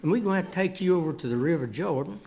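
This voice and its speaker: A good-humored old country preacher, as a man acts him out. He teases in a folksy, quickening manner. The voice sits fairly high. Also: lively intonation, vocal fry, a little mellow. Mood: teasing. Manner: folksy, teasing. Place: church sanctuary.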